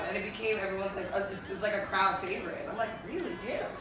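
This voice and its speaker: A woman's voice: medium pitch, fast talker, few pauses, music in the background. A woman singer chatting playfully as an interview guest, laughing and acting out little quotes. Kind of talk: casual interview chat. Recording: echoey room, distant mic, noisy.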